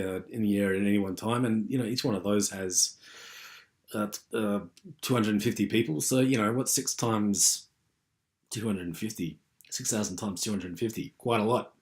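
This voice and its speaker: A man giving an unscripted university lecture, rambling with many fillers and restarts. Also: on the low side.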